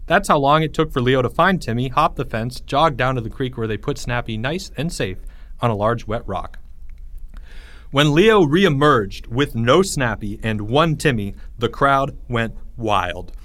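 A man reads a children's story aloud in a mid-range voice, keeping an even, measured pace. The recording is dry and close, with no room sound. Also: mid-range voice, dry recording. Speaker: narrator. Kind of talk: storybook narration.

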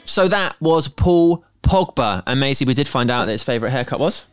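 A man hosting a podcast, chatting with co-hosts and reading out listener emails in a brisk, upbeat way. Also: mid-range voice, lively intonation, music in the background. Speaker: podcast host.

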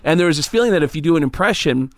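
Animated male comedian telling stories. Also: fairly high pitch, racing, dry recording, studio quality. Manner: animated, acts out quoted voices, swears freely. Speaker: comedian guest. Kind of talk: casual storytelling interview.

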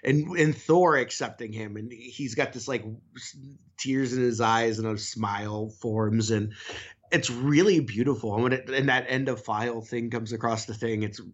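A man's voice: mid-range voice, normal speed, breathy edge, lo-fi sound. A man co-hosting a podcast, chatting loosely and enthusiastically in a casual review conversation, with some filler words. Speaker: podcast co-host.

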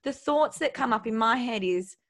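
A woman's voice: fairly high pitch, animated, moderate pace. Woman, 30s, podcast host, casual chat, reflective, personal.

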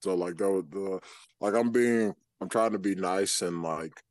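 A man's voice: low voice, unhurried, a little mellow, no room sound. A man co-hosting a podcast in casual crude banter, rambling with lots of fillers and laughing as he retells stories. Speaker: podcast co-host.

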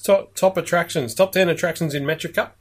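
A man's voice: a little high, brisk, slight background noise. A man co-hosting a beer podcast, chatty and joking in casual conversation. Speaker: podcast co-host. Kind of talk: casual beer-tasting chat.

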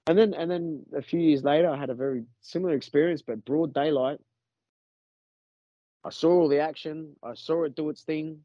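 A man's voice: medium pitch, brisk, a little mellow, dry recording, lo-fi sound. A man with an Australian accent telling a story in a casual podcast chat, rambling and swearing with many restarts.

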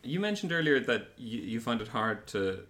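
Expressive teacher, lively voice. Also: male voice, mid-range voice, moderate pace. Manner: amused, expressive storyteller. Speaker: primary school teacher. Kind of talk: casual chat.

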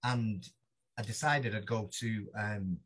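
A man's voice: fairly low pitch, takes it slowly, a bit bright, husky. A man with a Mancunian accent, a podcast guest, telling stories in a rambling, self-deprecating way with many restarts. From Manchester, England. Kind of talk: casual interview chat.

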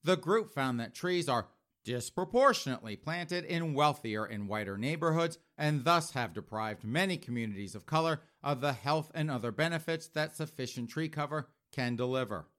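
A man hosts a podcast in a mocking, sarcastic tone. He talks straight to his listeners and often calls them folks. His voice sits at an ordinary middle pitch for a man. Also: lively intonation, normal speed, a bit bright. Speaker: podcast host. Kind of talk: podcast commentary.

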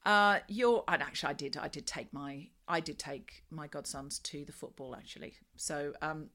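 A middle-aged woman with a bright, clear tone, chatting away as a guest. She tells her stories in a lively, rambling way, full of asides and restarts. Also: low voice, normal speed. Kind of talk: casual chat.

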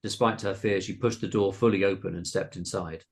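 A man reading a comic spooky short story aloud in a hushed, suspenseful narrating tone. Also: low voice, steady tone, fairly quick. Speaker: podcast host reading his story.

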